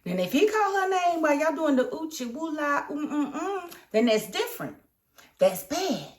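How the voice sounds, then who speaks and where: A woman reviewing a TV episode in casual commentary, animated and emphatic, scolding the characters. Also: high-pitched, moderate pace, reverberant. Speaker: TV show reviewer.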